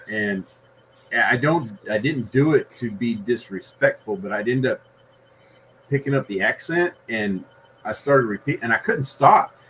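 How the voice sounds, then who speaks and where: Unhurried man rambling on a podcast. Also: medium pitch, fairly bright tone, a little hiss or hum, low-quality recording. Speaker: guest author. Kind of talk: casual podcast conversation.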